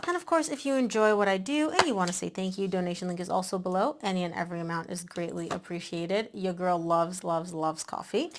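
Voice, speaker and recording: A woman host giving a casual tarot reading, chatty and animated, a bit out of breath. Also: fairly low pitch, a little fast, hardly any pauses, slight background noise. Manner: chatty, animated, with many "like" and "um" fillers. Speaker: tarot reader.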